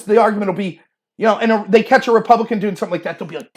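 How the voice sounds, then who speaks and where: A man's voice: high voice, very fast. A man hosting a livestream, delivering an argumentative political commentary monologue and acting out mocking voices for the people he quotes. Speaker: livestream host.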